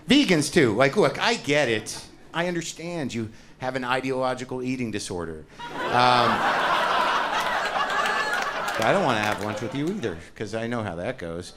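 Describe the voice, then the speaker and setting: A man's voice: medium pitch, expressive, moderate pace, very noisy. A man doing stand-up comedy, ranting in a sardonic, profane way.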